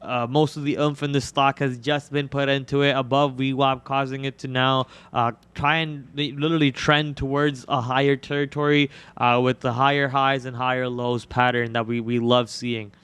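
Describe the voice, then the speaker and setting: Smooth-voiced man calling live trades. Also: medium pitch, level tone, a bit bright. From India. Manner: rapid ticker-and-price calls, casual filler words. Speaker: day trader and live stream host. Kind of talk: live trading commentary.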